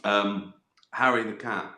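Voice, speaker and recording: A man's voice: lowish voice, steady tone, takes it slowly, pushed and bright. A man hosting a casual livestream and answering viewer questions. He rambles, chuckles often and swears freely as he jokes. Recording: roomy echo.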